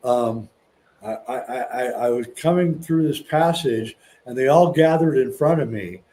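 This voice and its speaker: A male podcast guest, relaxed and casual, telling stories with plenty of ums and restarts. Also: medium pitch, a little slow, slight background noise, rough recording. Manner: relaxed storytelling with many fillers and restarts. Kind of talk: casual interview talk.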